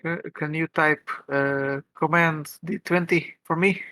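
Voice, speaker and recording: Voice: mid-range voice, fairly even intonation, takes it slowly, bright, forceful tone. A co-streamer in casual chat who stammers and restarts at the start of sentences.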